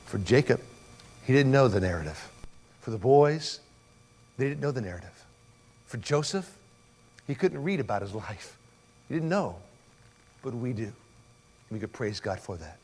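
A man preaching a sermon and retelling a story with lively, dramatic delivery. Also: medium pitch, normal speed, pauses often. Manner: dramatic storytelling that acts out voices.

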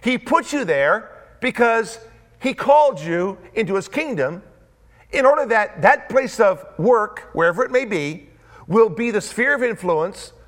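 A male pastor preaching a sermon with an emphatic, repetitive cadence and dramatic pauses. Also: high voice, a bit bright.

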